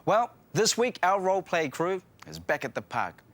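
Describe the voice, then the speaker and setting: A man's voice: high voice, big pitch swings, moderate pace, a bit bright. A man with a New Zealand accent co-hosting a language lesson show, presenting in a playful, joking way.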